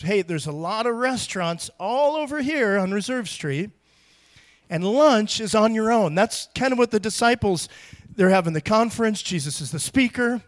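A middle-aged man preaching a sermon as pastor, in a conversational style that acts out quotes with strong emphasis. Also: high voice.

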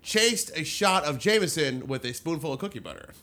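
A man's voice: a little high, expressive, brisk, sharp tone. A man co-hosting a podcast, telling crude stories in casual banter. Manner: crude, storytelling. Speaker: podcast co-host.

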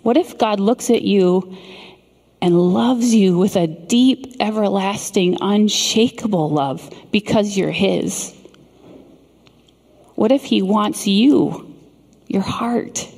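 A middle-aged woman giving a sermon, telling a story in an earnest, measured way with dramatic pauses. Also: medium pitch, creaky, a little mellow, breathy edge. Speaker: speaker. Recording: long hall reverb.

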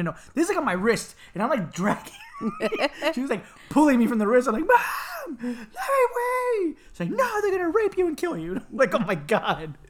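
In casual chat, a man from Miami relates a story about his family. He's animated, laughs often, and slips into squeaky voices to play the people he describes.

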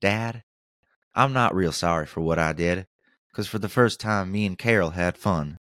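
A young killer's letter comes out in a lazy, folksy Southern drawl, as a man puts him on. The voice sits low, and the recording is dry and close. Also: normal speed, fairly bright tone, no room sound. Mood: defiant. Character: drawling young male killer writing home.

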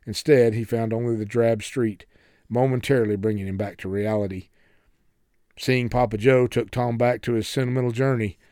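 A man reading a novel aloud as narrator in steady, measured storytelling. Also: mid-range voice, no room sound, clean studio sound. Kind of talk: audiobook narration.

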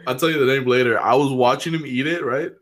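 A man's voice: medium pitch, fast talker. A man in casual chat who swears a lot, laughs often and acts out the people in his stories.

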